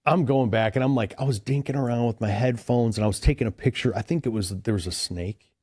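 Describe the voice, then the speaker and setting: A man's voice: medium pitch, quick pace, a little mellow, breathy edge, no echo, clean studio sound. A man from Chicago, a podcast guest, telling a long story in a loose, rambling way, full of "like" and "dude". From Chicago, USA. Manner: rambling, heavy use of "like" and "dude". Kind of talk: casual storytelling.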